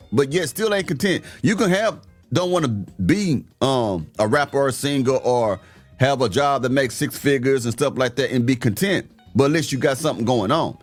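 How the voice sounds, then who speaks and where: A man's voice: mid-range voice, normal speed, soft background music. A man giving a blunt, slangy, preachy commentary rant as the host of a show that reacts to clips.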